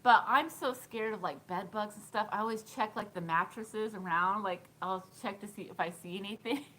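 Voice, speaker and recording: A woman's voice: mid-range voice, normal speed, pushed and bright, a little hiss or hum, poor audio. A woman in her thirties chatting casually on a live stream, giggling often and answering viewer comments. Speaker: thrift vlogger.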